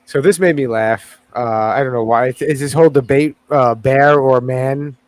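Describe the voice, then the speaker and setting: A man co-hosting a loose, casual podcast over a podcast mic. He rambles, corrects himself mid-sentence and swears casually, at an average pitch for a man. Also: steady tone, slow, dry recording. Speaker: podcast co-host. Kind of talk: casual chat.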